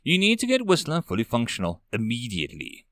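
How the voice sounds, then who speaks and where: A man voicing a stern, commanding woman marshal who gives quick orders, with a lively swing in his pitch and a dry, close sound. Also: no room sound, exaggerated voice.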